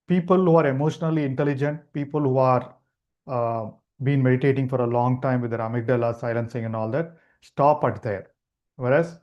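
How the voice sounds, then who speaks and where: A man leading a live online meditation class, explaining gently and unhurriedly with frequent restarts. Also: medium pitch. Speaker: meditation teacher.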